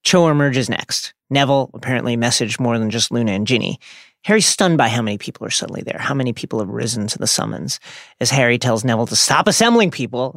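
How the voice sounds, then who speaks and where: A man's voice: mid-range voice, vocal fry, fairly bright tone, no room sound, clean studio sound. A man co-hosting a podcast, recapping a book chapter as wry storytelling with playful asides. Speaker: podcast co-host.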